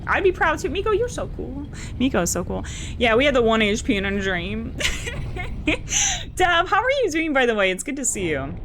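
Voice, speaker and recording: A woman's voice: sits high, a little fast, slight background noise. A young woman streaming a game live, chatting with her viewers and breaking into laughs and shrieks. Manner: giggly, excitable, shrieks at danger. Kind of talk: live gameplay commentary with chat.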